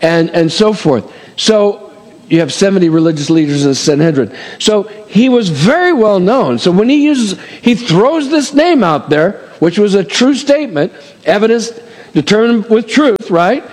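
A middle-aged pastor preaches a conversational sermon, peppering it with asides and rhetorical checks like "amen?" and "right?". His voice is high-pitched and darkish in tone, very animated, and moves at a normal speed. A long hall reverb surrounds the recording.

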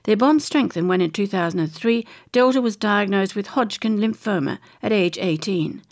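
Australian woman with a gravelly voice. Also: mid-range voice, normal speed. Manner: chatty, chimes in with her own opinions between read passages. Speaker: presenter reading entertainment news. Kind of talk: reading magazine articles aloud with casual asides.

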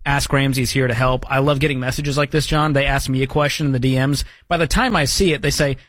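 A man's voice: medium pitch, fairly even intonation, quick pace, fairly bright tone, dry recording. A man hosting a call-in radio show with an upbeat, joking manner. His voice sits in the middle of the range. The studio sound is dry and close. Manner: upbeat, joking, reads listener questions aloud. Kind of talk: casual call-in radio talk.

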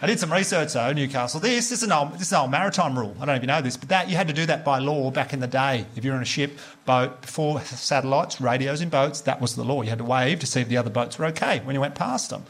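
A man's voice: medium pitch, quick pace, hardly any pauses, a bit bright. A man with an Australian accent doing a stand-up comedy set in a club, telling chatty stories and teasing the crowd on a handheld mic. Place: comedy club stage with live audience.

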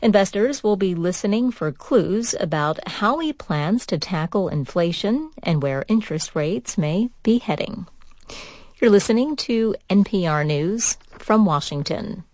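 A woman newscaster reading a news bulletin in an even, measured way, recorded on a studio microphone. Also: mid-range voice, no room sound. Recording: dry studio sound.

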